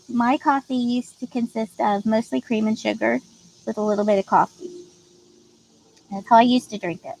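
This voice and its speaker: A woman's voice: a little high, vocal fry, a little hiss or hum, low-quality recording. Giggly chatty woman reading viewer comments. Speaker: livestream host. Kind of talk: casual livestream chat reading viewer comments.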